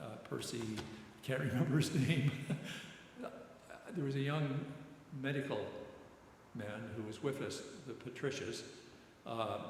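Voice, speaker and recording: An older man gives a rambling, halting sermon reflection at a middle pitch, stumbling over repeated words as he tells his story. His voice rings through a very echoey church sanctuary with a long reverb tail and faint background noise. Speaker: retired military chaplain giving a reflection.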